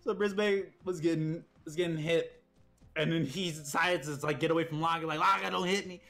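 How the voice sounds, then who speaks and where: A young man on a stream casually tells stories about his friends, swearing, laughing, and acting out what they said. His voice is fairly high, steady, and fairly bright, at a moderate pace, with soft music in the background.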